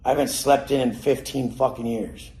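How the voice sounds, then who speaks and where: A man giving a profane, aggressive motivational rant, cursing and yelling at his listeners. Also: medium pitch, steady tone, moderate pace. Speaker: motivational speaker. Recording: roomy echo.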